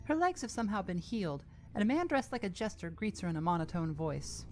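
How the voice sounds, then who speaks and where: Female essay narrator, calm and measured, animated intonation. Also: medium pitch, soft background music. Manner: measured, calm storytelling delivery. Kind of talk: scripted narration.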